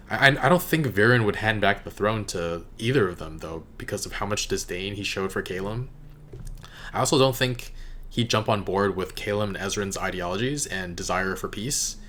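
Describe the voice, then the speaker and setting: Musing, halting man, voice a bit low. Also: a little hiss or hum. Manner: musing, halting, with frequent "uh" and "like" and soft laughs. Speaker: show reactor and reviewer. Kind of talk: casual reaction commentary.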